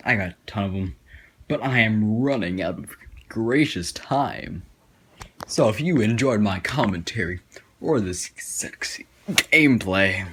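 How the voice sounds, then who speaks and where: A man's voice: fairly low pitch, fairly bright tone, slight background noise. A young man telling a sarcastic, profane story as casual commentary over gameplay. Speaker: gaming commentator.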